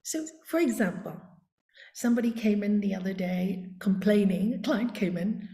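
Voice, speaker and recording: Woman, yoga teacher, interview guest, warm voice, deliberate storytelling, echoey room. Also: medium pitch. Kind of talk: reflective storytelling. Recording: roomy echo.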